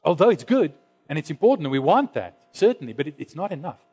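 A man preaching a sermon, dropping to hushed low lines and then rising to loud, high exclamations. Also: big pitch swings, quick pace, husky. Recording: long hall reverb.

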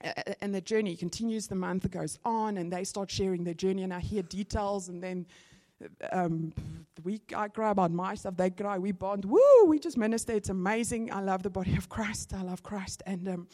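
A middle-aged woman, giving an animated testimony in a sermon, with sudden bursts of excitement. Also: mid-range voice, normal speed.

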